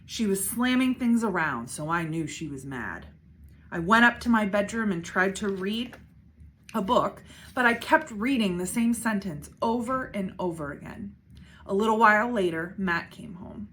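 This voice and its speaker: A woman, a school principal, reading a children's book aloud with expressive narration. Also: medium pitch, normal speed, a little hiss or hum. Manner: expressive, shifting voices for characters.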